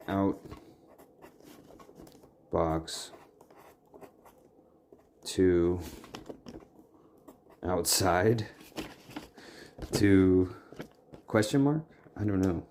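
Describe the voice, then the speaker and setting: A man's voice: sits low, drawn-out words, vocal fry, long pauses, a little mellow, a little hiss or hum. A man vlogging casually from his home workshop, rambling and muttering to himself as he sorts and labels things. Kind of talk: casual talk to camera.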